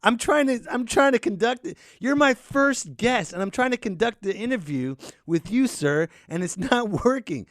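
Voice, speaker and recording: Soft-spoken podcast host, dry sound. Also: male voice, extremely high pitch, animated, normal speed, hardly any pauses, dry recording. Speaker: podcast host and stand-up comic. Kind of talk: comedy podcast sketch. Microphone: podcast microphone.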